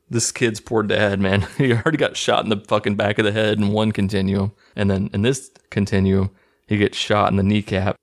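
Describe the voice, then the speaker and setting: A man hosting his own channel, casually recapping a movie in a rambling, profane, amused way. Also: on the low side. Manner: rambling, profane, laughing at scenes. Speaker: movie review host.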